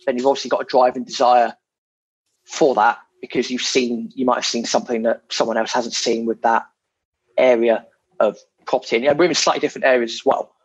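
Man, husky, frank casual chat, lots of fillers, dull dry lo-fi sound. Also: mid-range voice, fairly even intonation, a little fast, dry recording. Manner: frank and self-deprecating, many fillers. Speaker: property investor guest.

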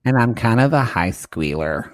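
Campy animated man on a podcast. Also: fairly low pitch, no room sound. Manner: campy, animated, quick asides. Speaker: podcast co-host. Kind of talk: casual comedic recap chat.

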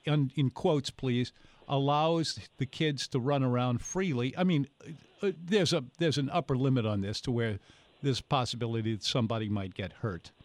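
A man's voice: medium pitch, normal speed, dry recording. A man hosting a call-in food show on the radio, talking in a folksy, rambling way and telling anecdotes. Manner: folksy, rambling, tells anecdotes with put-on voices. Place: radio studio. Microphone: studio microphone.

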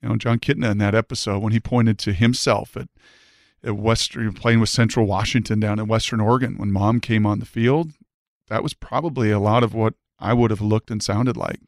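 A man, a former high school quarterback, giving an earnest and emphatic personal faith testimony. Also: fairly even intonation, brisk, no room sound, clean studio sound.

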